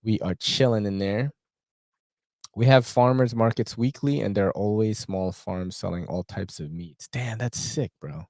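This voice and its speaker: Casting note: New man, low-ish voice, loose slangy host, dry close mic. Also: unhurried, darkish tone, no room sound. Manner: slangy, swears a lot, many fillers. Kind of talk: casual livestream chat.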